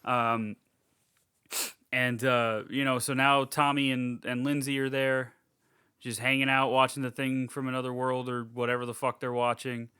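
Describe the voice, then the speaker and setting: Bright, smooth-voiced man recapping a film. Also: mid-range voice, level tone, measured pace, no echo, clean studio sound. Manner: rambling, laughing, putting on brief character voices. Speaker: podcast co-host. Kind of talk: casual movie recap chat.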